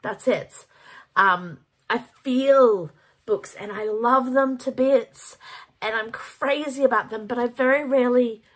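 A woman reviewing a book in a casual vlog, gushing and animated, with casual swearing. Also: fairly high pitch. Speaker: book vlogger.

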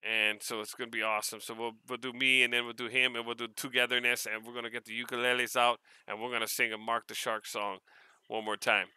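A man from Hawaii with a Hawaiian-tinged accent, casually unboxing mail on his vlog, excitable and quick to laugh. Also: medium pitch, clear, resonant tone, dry recording. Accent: Hawaiian Pidgin-tinged English. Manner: excitable, laughs often, repeats words. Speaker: vlogger.

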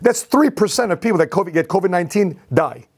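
A man with a somewhat high voice tells his own story straight to camera. He speaks in an animated, repetitive way, circling back to the same phrases as he goes. It is a casual storytelling vlog. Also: fast, slight background noise. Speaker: entrepreneur vlogger.

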